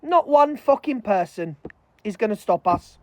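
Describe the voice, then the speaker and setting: A woman's voice: medium pitch, animated, unhurried, a little mellow. A woman streaming live, furiously ranting with heavy swearing and calling out other creators. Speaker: livestreamer. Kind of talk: angry livestream rant.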